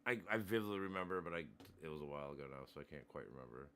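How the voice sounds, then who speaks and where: A man's voice: a bass voice, animated, fairly bright tone, dry recording. A man in casual chat, insistent and cursing as he argues his side. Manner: fast-talking, insistent, swears freely.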